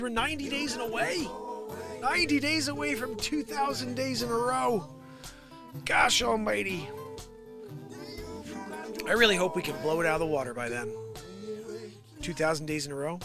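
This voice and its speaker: On his daily comedy livestream, a man meanders and riffs through the news, welcomes viewers by name, and mimics quoted people in squeaky voices as part of the improvised chat. He speaks at a moderate pace with long pauses, and music plays loudly behind him.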